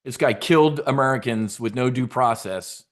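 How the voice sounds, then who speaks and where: A man at a mid-range pitch rants in a combative, sarcastic way, swearing often. He punches key words with sudden loud bursts. He sounds like a trading show host gone off on a tangent. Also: normal speed. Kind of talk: profane political rant.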